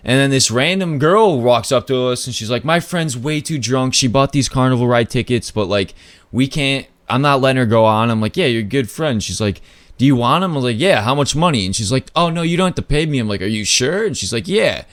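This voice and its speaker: A man hosting a podcast, telling a story in a loose, casual way, full of "like" and swearing, with sudden pitch jumps when he acts out other people. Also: lively intonation, brisk, no echo. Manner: loose, filler-heavy talk with lots of "like" and swearing. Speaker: podcast host.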